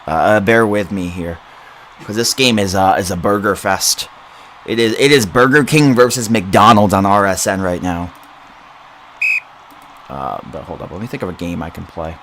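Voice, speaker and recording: A young man hosting a casual livestream into a boom-arm mic. He giggles often, rambles, repeats words and mocks himself. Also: moderate pace, fairly bright tone, a little hiss or hum. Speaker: livestream host.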